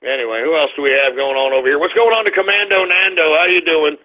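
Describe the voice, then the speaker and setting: A man hosting an internet radio show, ranting with profanity and shouting outbursts. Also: high voice, lively intonation, fast, few pauses. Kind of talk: call-in internet radio rant. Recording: tinny phone-line quality.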